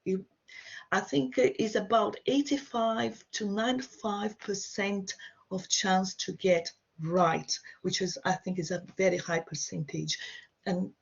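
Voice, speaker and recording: Woman, online teacher, slow and gravelly, dull video-call sound. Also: medium pitch, steady tone. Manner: encouraging, slow and repetitive. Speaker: Portuguese teacher. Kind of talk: online language lesson.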